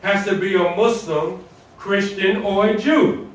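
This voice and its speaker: Speaking slowly and pausing often, a man with a high, slightly bright voice gives a Friday sermon as imam. His preaching is colloquial and conversational, built on rhetorical questions and repetition. The sound comes from far off in an echoey mosque prayer hall.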